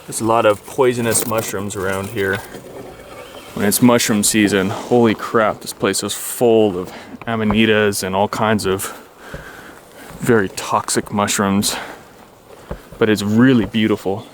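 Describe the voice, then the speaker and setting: A man vlogging as he walks through the forest, telling a rambling story and now and then talking to his dog in a higher voice. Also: fairly even intonation, measured pace, pauses often, slight background noise. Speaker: outdoor vlogger. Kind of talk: casual walking narration. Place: forest outdoors. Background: faint outdoor nature sounds, birds.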